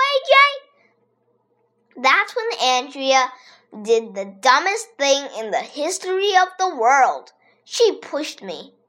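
A child reading a funny children's story aloud in a lively, expressive way. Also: sits high. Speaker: reader.

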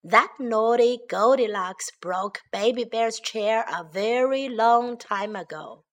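Storybook part: woman reading a patient, soothing mother bear, slow. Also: fairly high pitch. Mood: gentle.

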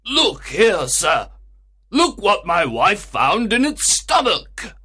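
An actor playing an excited commissionaire shouting about his find in a story reading. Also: high-pitched, slightly rough, heavily acted. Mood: frantic. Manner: breathless, shouting, slow emphatic. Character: excited male commissionaire, frantic working-class man.

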